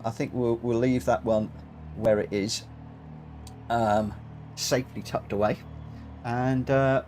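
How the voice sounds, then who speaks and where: With a medium pitch and a little hiss or hum on the audio, a man live-streams a racing game, chatting casually with viewers. He says hello to chat and teases himself, sounding breathless and worn from coughing.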